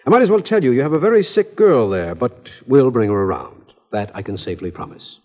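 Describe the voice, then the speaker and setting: An actor playing a confident hospital doctor in a 1950s radio drama, speaking in a clinical, authoritative way. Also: male voice, mid-range voice, expressive, a little fast, lightly acted. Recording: dull lo-fi 1950s radio broadcast.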